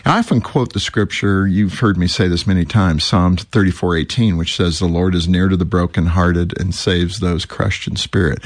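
Low husky man hosting a talk show. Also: steady tone, normal speed, hardly any pauses. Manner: earnest, reflective storytelling. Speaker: radio show host. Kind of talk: conversational radio interview.

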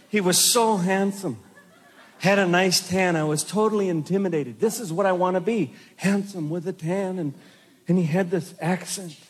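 A man doing a stand-up comedy routine on stage, telling animated stories to the audience and asking them questions. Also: husky. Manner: animated storytelling, mimics others with shouted high voices. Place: stage before a live audience.

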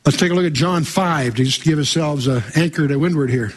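Male Bible teacher, husky and fairly high, reads scripture then quips and quizzes the room. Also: brisk. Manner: reads scripture aloud then comments with wry asides and quizzing questions.

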